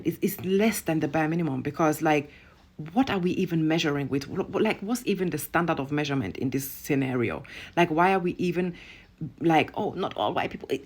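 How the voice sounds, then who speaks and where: Blunt, husky-voiced woman ranting. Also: lowish voice. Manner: blunt, profane, emphatic. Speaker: online commentator. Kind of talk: impassioned rant to camera.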